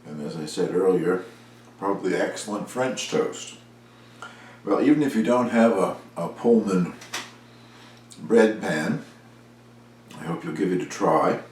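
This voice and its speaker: Deep-voiced man rambling in a kitchen. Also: measured pace, long pauses. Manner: relaxed and rambling, with fillers. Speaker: home baking vlogger. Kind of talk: casual home cooking talk. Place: home kitchen and dining room. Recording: echoey room with background noise.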